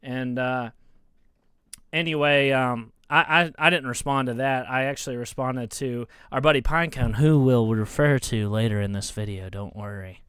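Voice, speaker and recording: A man's voice: medium pitch, fairly even intonation, moderate pace, fairly bright tone, smooth, dry recording, studio quality. A man ranting as a college football fan YouTuber, heated and mocking, often stammering and restarting, recorded on his phone. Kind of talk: casual ranting vlog.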